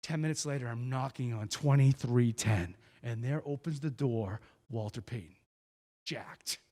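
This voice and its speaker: A man from New Hampshire giving a motivational speech, telling a story with lively delivery and acting out each character. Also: mid-range voice, a little slow, long reverb tail. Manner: animated, acts out every character. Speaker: guest speaker.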